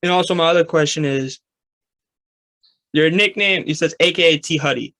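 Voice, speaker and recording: Young male sports-show host, bright and fairly high voice, rambling casual chat. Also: moderate pace. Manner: chatty, rambling with many fillers.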